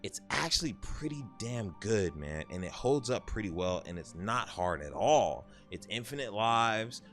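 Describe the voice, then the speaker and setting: Guy in his 30s doing a chill game review vlog, lowish voice that swings around a lot, faint music behind. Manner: animated storytelling, swearing, quick asides. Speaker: gaming YouTuber. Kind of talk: casual game review chat.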